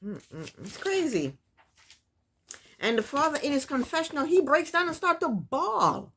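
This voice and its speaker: A woman's voice: sits high, very animated, unhurried, fairly bright tone. A woman recapping a reality TV episode in casual, opinionated commentary, talking straight to her viewers. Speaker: TV recap vlogger.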